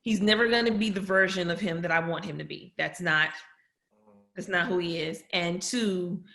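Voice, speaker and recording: A woman's voice: lowish voice, steady tone, normal speed, vocal fry, a bit bright, echoey room. A woman guest on a podcast, telling a personal family story candidly and with feeling, often quoting people in her own voice. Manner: candid, emotional, quotes others in her own voice.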